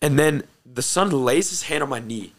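A young man earnestly telling a personal testimony story, excitable and repeating phrases for emphasis. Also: on the high side, moderate pace. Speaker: host telling his testimony.

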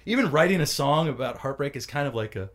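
A man's voice: fairly high pitch, quick pace. A man co-hosting a casual podcast chat, telling stories and acting out what people said. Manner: animated storyteller who acts out quotes. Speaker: podcast co-host.

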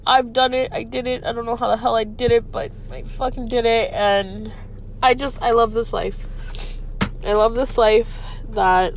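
A woman's voice: medium pitch, a little hiss or hum. A woman in her twenties hosting a solo podcast, reflecting candidly and emotionally, swearing freely with plenty of fillers. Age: 20s. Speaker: podcast host.

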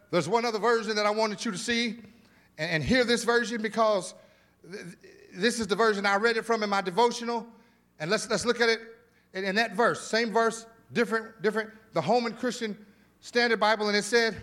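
High-voiced pastor preaching a sermon. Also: male voice, a little fast. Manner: animated preaching with repeated words and exclamations; informal, conversational asides to the congregation. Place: church sanctuary.

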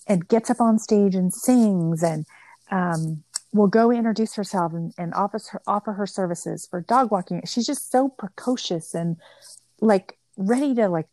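A woman's voice: mid-range voice, mellow, no echo. A middle-aged woman, a mother and podcast guest, telling family stories in casual conversation, chatty and full of "like" fillers. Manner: chatty, storytelling with many "like" fillers.

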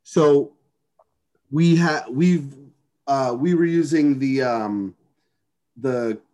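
A man's voice: mid-range voice, very slow, mellow. A man telling a long story in casual chat, rambling with many restarts, fillers and swear words.

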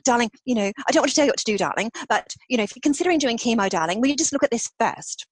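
A woman's voice: on the high side, lively intonation, racing, slightly rough, no echo. A woman quoting a posh, doting English woman friend who keeps saying darling. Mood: coaxing. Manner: calls everyone darling.

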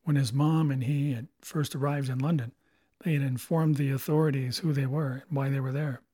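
A man narrating a novel as an audiobook in a steady storytelling manner, recorded on a close microphone. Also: medium pitch, a little fast, no room sound.

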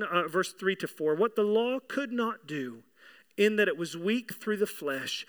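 A man's voice: sits high, fairly bright tone, clear, resonant tone. A man preaching a sermon, earnest and conversational, often repeating his words and putting questions to the congregation. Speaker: pastor.

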